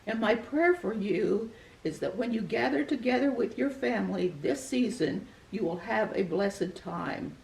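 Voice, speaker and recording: An older woman telling a personal story of faith in a gentle, earnest, reflective way. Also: mid-range voice, animated, unhurried, creaky. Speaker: guest sharing a personal testimony. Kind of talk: heartfelt storytelling testimony. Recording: echoey room, voice from far off the mic.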